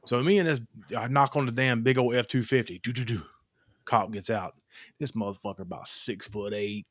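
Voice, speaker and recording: A man's voice: mid-range voice, fairly quick, dry recording, clean studio sound. A man hosting a podcast, telling a story in casual chat with blunt, profane language and lots of fillers. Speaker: podcast host. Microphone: podcast microphone.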